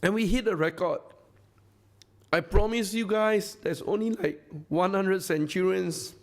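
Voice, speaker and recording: A man's voice: sits high, a little slow. A man with a Singaporean English accent, a company founder giving an effusive, repetitive live stage speech that rallies the crowd. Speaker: company founder addressing a masterclass audience.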